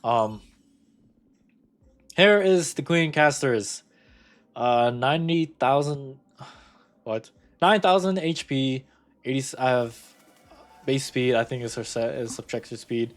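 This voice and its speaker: A young man in casual gameplay commentary, rambling and correcting himself, with sudden bursts of excitement. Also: mid-range voice, slow pace, pauses often. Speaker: gaming content creator.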